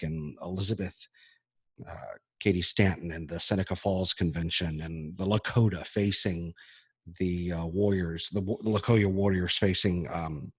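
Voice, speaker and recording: A man, a history teacher, talking earnestly and emotionally to his students, pausing often with fillers. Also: low voice, breathy edge, no echo, studio quality. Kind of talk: heartfelt scripted-free address to students.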